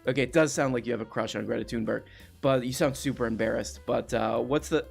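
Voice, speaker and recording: A man hosting a comedy call-in show as a deadpan straight man, calmly repeating back whatever his guest claims. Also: mid-range voice, quick pace, vocal fry, faint music behind.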